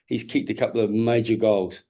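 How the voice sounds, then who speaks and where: A tired Australian man in his forties with a dark, mellow voice that sits fairly low. He talks bluntly in a casual interview, swearing freely and repeating words as he restarts his sentences. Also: steady tone, brisk. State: tired and yawning. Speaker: interview guest, former boxer.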